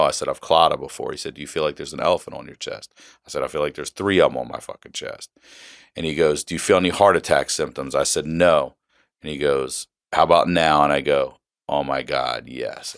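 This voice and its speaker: A man's voice: rumbling low, no echo, clean studio sound. A middle-aged man on a podcast, casually telling a profane story and acting out the people in it. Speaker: podcast guest.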